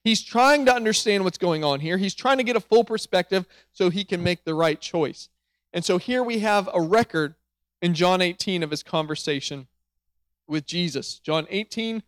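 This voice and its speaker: A man's voice: high voice, normal speed, no room sound. A male pastor preaching a sermon in a conversational way, explaining as he goes with small restarts.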